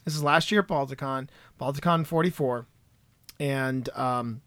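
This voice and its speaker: A man's voice: mid-range voice, moderate pace, a bit bright, no echo. A man from the United States co-hosting a podcast in casual, teasing banter, often restarting his sentences. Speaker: podcast co-host.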